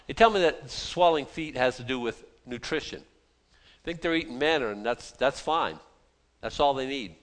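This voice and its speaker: A man's voice: medium pitch, moderate pace. A male pastor preaching a sermon in a conversational, self-deprecating way, often restarting his sentences.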